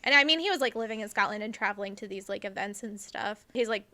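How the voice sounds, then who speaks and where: A woman's voice: mid-range voice, fast talker. A young woman co-hosting a podcast, telling a story in casual chat with lots of fillers and cheerful swearing. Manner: animated, profane, trails off with fillers like "like". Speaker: podcast co-host.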